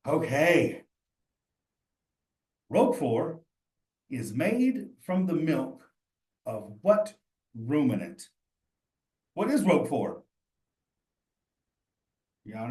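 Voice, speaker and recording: A man's voice: mid-range voice, animated, slow pace, pauses often, darkish tone. A man leading a live study session, thinking aloud and talking straight to his students in a chatty, encouraging way. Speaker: cheese instructor. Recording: roomy echo.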